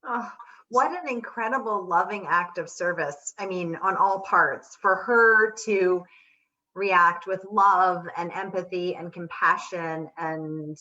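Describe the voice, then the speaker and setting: A woman's voice: fairly low pitch, takes it slowly, bright, forceful tone. A woman hosting an interview, effusive and gushing with praise for her guest. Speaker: host interviewer. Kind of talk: casual interview chat. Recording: slightly dull lo-fi audio.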